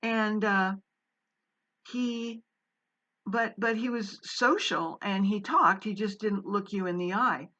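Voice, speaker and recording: A woman, once a college English teacher, recounts a classroom memory in a casual, unhurried ramble full of fillers and self-corrections. Her pitch sits at an ordinary middle level. The recording sounds a little dull and muffled. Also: sharp tone. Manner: meandering, with frequent fillers and restarts. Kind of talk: casual personal storytelling.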